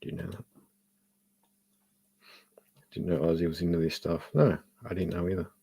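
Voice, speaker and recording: A man's voice: sits low, little pitch movement, normal speed, vocal fry, dark tone, breathy edge. A man in casual chat, thoughtful and meandering, reading out viewer chat. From Australia. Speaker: podcast co-host.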